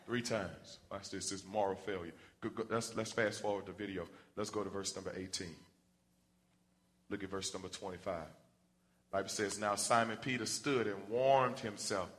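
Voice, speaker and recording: Man preaching a sermon, animated, acts out Bible characters, bright forceful tone. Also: medium pitch.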